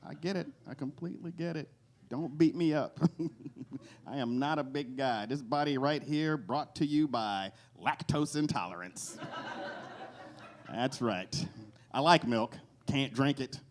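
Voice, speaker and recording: A man doing a stand-up comedy set in a cafe, animated, jumping into loud character voices. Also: medium pitch, a little slow. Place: cafe stage with live audience.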